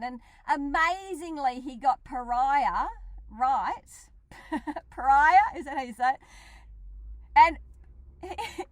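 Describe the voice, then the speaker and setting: A woman's voice: high voice, dry recording. A middle-aged Australian woman, a regular on a radio show, chatting casually and animatedly, laughing often.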